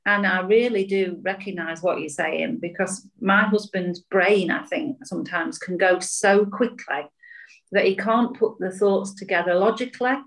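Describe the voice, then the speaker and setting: A woman who is a podcast guest, talking in a thoughtful, measured and empathetic way. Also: lowish voice, creaky, low-quality recording. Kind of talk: reflective conversational chat.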